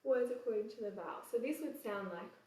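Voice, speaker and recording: English woman, choir vocal coach, casual and chatty, slightly high voice, a bit off-mic in an echoey room. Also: fast talker, recorded from a distance. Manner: relaxed, chatty, demonstrates vowels by singing. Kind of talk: casual singing lesson with sung examples. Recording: roomy echo, voice away from the mic.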